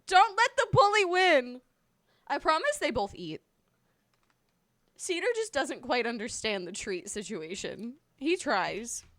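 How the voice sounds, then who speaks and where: A woman with a very high, bright voice chats casually on a livestream. Her pitch swings widely as she coaxes and scolds her cats, then rattles off greetings to her viewers. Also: dry recording, clean studio sound. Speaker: streamer.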